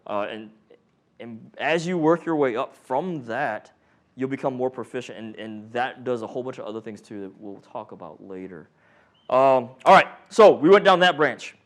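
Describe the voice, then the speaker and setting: A paramedic instructor with a mid-range voice and normal speed runs a training class in a loose, joking style. He quizzes the room and animatedly acts out the voices of patients and monitors.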